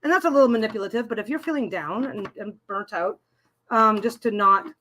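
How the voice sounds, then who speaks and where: Reading viewer comments aloud and responding to them, a middle-aged tarot reader hosts a rambling, casual livestream where she frequently restarts her sentences. She sounds a little high and a little fast, with a sharp tone, over a slight hiss or hum.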